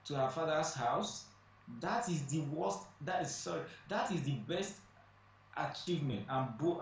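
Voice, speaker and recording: A man speaking as a guest on a studio talk show, emphatic and repeating phrases for stress. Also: fairly high pitch. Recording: echoey distant room mic, faint noise.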